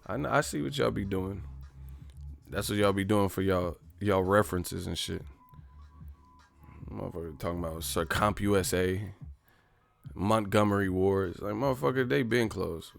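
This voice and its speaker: A man with a low, gravelly voice rambles through a live stream. He curses freely and jokes loosely, reading viewer messages aloud. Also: moderate pace, long pauses, soft background music. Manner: profane, joking, puts on voices for bits. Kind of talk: casual live-stream chat reading super chats.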